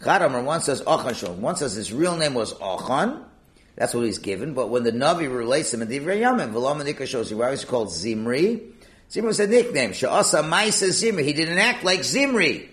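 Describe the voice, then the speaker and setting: A man teaching a Talmud class, explaining the text line by line with animated rhetorical questions. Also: mid-range voice, a little fast.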